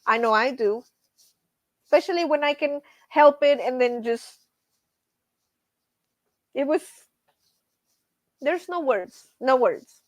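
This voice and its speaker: A middle-aged woman chats on her own livestream, laughing often and calling out to viewers. Her voice sits a little high. The sound is close and dry with no room echo. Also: expressive, slow, pauses often. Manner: chatty, laughs often, reads out chat names. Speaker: livestream host. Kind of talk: casual livestream chat.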